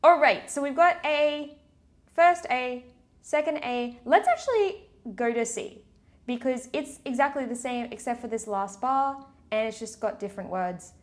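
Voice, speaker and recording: A woman's voice: sits high, a little slow. A woman with a slight accent giving a patient, encouraging singing lesson, counting beats aloud as she teaches. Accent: non-native English accent. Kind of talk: step-by-step vocal tutorial. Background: piano chords.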